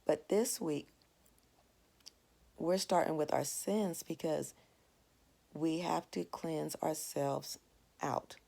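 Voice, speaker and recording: Low, gravelly-voiced woman teaching a Bible lesson. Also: slow, long pauses, dark tone. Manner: earnest, storytelling with plain everyday asides. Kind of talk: conversational devotional lesson.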